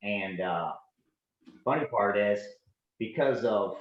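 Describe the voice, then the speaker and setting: A man's voice: lowish voice, takes it slowly, highs cut off. Man in his forties telling stories, roomy sound. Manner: animated anecdotes, acting out dialogue. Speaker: podcast guest, Navy veteran. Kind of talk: casual storytelling.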